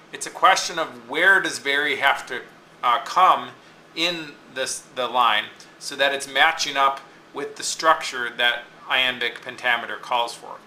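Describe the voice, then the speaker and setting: A man's voice: mid-range voice, pushed and bright, reverberant, a little hiss or hum, low-quality recording. A man teaching a lesson, explaining step by step and often checking in with "okay?". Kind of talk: classroom lecture on poetic meter.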